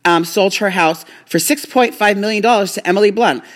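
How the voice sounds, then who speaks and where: A woman's voice: medium pitch, a little fast, few pauses. A tipsy, hiccuping woman at home, reading out facts in a rambling way with lots of fillers. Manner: rambling, reads aloud with fillers and restarts. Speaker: vlog host reading celebrity facts. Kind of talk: casual chat. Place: home, indoors.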